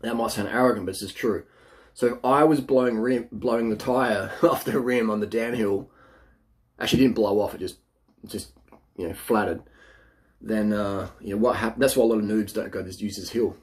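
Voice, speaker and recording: A man's voice: fairly low pitch, steady tone, normal speed, darkish tone. A middle-aged man giving blunt, boastful cycling advice in casual talk, sometimes mocking others in a silly voice. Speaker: cycling vlogger.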